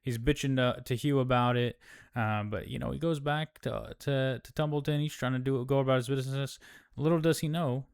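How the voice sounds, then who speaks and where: Smooth-voiced man rambling through a TV recap. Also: medium pitch, steady tone, a little fast. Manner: rambling, profane, many fillers. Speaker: recap host. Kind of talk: casual TV recap.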